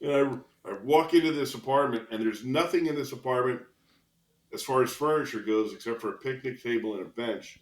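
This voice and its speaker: This man speaks fairly quickly in a mid-range voice. He's a retired cop in his sixties, a lively storyteller on a podcast, laughing softly as he recounts colorful anecdotes, with the room echoing around him.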